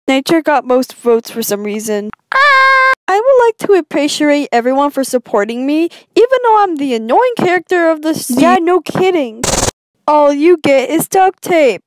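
A woman's voice: sits high, big pitch swings, moderate pace, dry recording, poor audio. A woman doing a playful, jokey fan dub of cartoon object characters. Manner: playful, switching voices, jokey.

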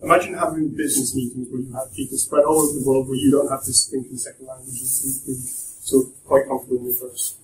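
A man's voice: mid-range voice, little pitch movement, quick pace, hardly any pauses. Young male guest speaker, chatty and jokey, echoey room, heard from a distance. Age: young adult. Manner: chatty, joking, with restarts. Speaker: guest speaker at a university talk. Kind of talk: casual presentation to students. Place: lecture room.

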